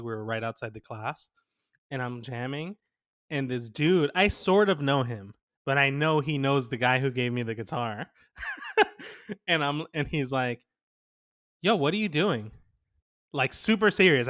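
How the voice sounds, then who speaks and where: A man's voice: mid-range voice, clear, resonant tone, no room sound, clean studio sound. A young man co-hosting a podcast, chatting casually and telling a story with lots of laughter and quoted dialogue. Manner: animated storyteller, laughs often, quotes people. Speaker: podcast co-host. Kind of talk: casual chat.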